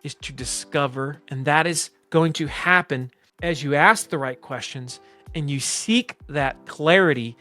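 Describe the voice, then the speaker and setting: A man coaching salespeople on camera, talking slowly, calmly and deliberately. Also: fairly high pitch, faint music behind. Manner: slow, calm, deliberate coaching delivery. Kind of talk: direct-to-camera teaching.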